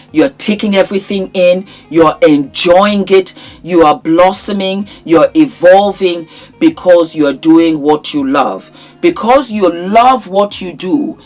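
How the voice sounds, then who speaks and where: Animated woman host, low voice, music under. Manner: animated, emphatic, repeats phrases for effect. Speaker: YouTube host, speaking coach. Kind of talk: casual advice monologue.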